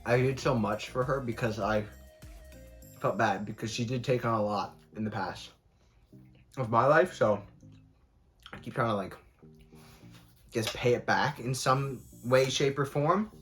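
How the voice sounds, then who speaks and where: A man's voice: medium pitch, unhurried, pauses often, fairly bright tone, faint music behind. A young man vlogging casually while eating, talking candidly and rambling with lots of fillers, sometimes with food in his mouth. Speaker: mukbang vlogger.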